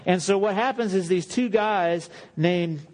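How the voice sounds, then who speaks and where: A man's voice: high voice, unhurried, a little mellow. A man preaching a sermon in a conversational way, acting out the quoted voices and laughing often.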